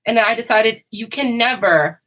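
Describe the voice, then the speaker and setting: Bright-voiced woman in rambling casual chat. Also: a little high, moderate pace, poor audio. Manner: candid, rambling, laughs often.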